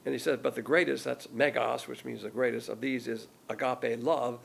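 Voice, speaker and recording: Gravelly older man preaching. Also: fairly even intonation, normal speed, slight background noise. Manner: folksy, emphatic teaching with sudden pitch jumps. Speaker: pastor. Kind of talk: sermon.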